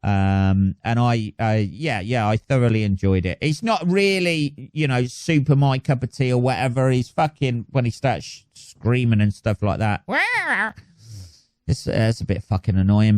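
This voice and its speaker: A man's voice: mid-range voice, a little slow, darkish tone, no echo. A man hosting his own podcast alone, chatting casually in a rambling, sweary, self-mocking way. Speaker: podcast host. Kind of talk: casual solo podcast chat.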